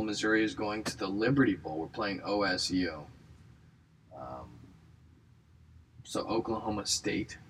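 A low-voiced man in his thirties rambles through a casual comedy podcast, dropping wry, self-mocking asides as he goes. He sits a little back from the mic, and a faint hiss of background noise sits under his voice. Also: a bit bright, far from the mic, low-quality recording.

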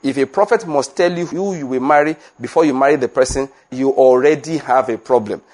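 A man delivering a sermon in a mid-range voice. He is emphatic and insistent and repeats his points for weight. His pitch climbs when he presses home a warning. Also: a little fast, a little mellow. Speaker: preacher.

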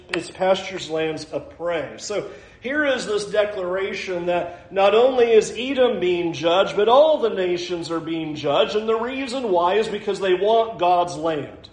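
High-voiced male pastor in echoey hall. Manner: teaching, reads scripture aloud and explains it. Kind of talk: sermon.

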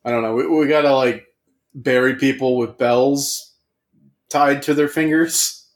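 A man riffing playfully in a loose comedy chat, wandering through his thoughts with frequent restarts. His voice sits at an ordinary middle pitch. The room adds a clear echo. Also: fairly even intonation, a little slow. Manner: rambling, playful, hesitant restarts. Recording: echoey room.

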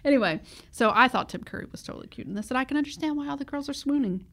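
A woman's voice: sits high, lively intonation, rapid-fire, gravelly, fairly bright tone. Chatty woman recapping a movie. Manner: chatty, laughs often, playful asides. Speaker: podcast co-host. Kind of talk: casual movie recap chat.

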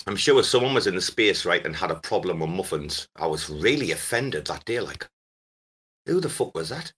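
A man hosting a casual chat, teasing and swearing, breaking into loud laughs. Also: sits low, animated, moderate pace, breathy edge. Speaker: host.

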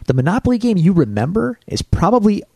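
Animated man riffing on a podcast. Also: high-pitched, creaky, noisy background. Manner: animated, joking, quick to riff. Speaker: podcast co-host. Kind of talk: casual chat.

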